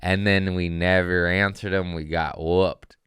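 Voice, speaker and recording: A man's voice: low-pitched, flat delivery, unhurried, fairly bright tone, clear, resonant tone, no room sound, clean studio sound. A man, a comedian hosting his podcast, telling a rambling, profane story in a wry, casual way.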